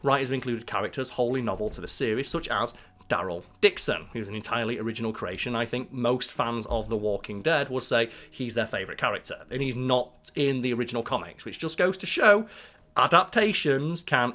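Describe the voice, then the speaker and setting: A man co-hosting a podcast, chatting casually with animated, swear-flecked storytelling. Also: medium pitch. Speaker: podcast co-host. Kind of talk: casual chat.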